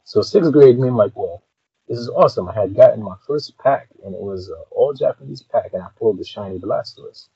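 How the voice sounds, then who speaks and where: A man's voice: fairly low pitch, lively intonation, brisk, creaky, mellow, breathy edge, no echo, dull audio. A man co-hosting a casual podcast, telling a story in a laid-back way with dramatic flourishes. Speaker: podcast co-host. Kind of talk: casual chat.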